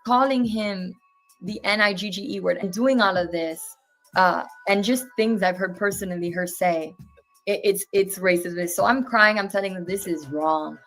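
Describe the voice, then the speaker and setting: A woman's voice: mid-range voice, normal speed, faint music behind. A young woman in her twenties talks as an interview guest in a mid-range voice. She tells a personal story with earnest indignation and acts out every back-and-forth as she goes. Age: 20s. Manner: animated retelling, acting out each exchange.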